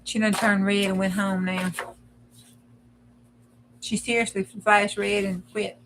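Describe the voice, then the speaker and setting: A woman with a drawl talks casually in her craft vlog. She tells stories in a chatty way and bosses her smart speaker around. Her pitch sits right in the middle. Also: level tone, slow, fairly bright tone, slight background noise. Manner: chatty, storytelling, bossy with the assistant. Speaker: craft vlogger. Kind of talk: casual chat.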